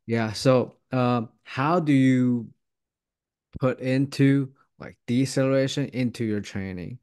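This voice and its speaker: A man's voice: mid-range voice, slow pace, a little mellow, clean tone, no echo. A man hosting a podcast, asking a question hesitantly and searching for words. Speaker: podcast host. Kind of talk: interview question.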